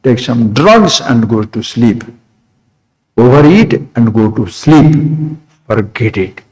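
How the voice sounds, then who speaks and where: Speaking slowly and with animation, this male spiritual teacher repeats brief phrases and asks rhetorical questions. His delivery swings between hushed comments and abrupt, emphatic peaks, captured on a rough recording.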